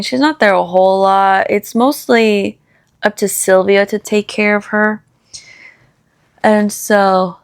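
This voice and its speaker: A young woman talks through a book's plot as if gossiping with a friend. She is casual and animated, tossing in fillers and quick reactions as she retells each scene. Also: medium pitch, vocal fry. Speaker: book review vlogger. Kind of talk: casual chatty book review.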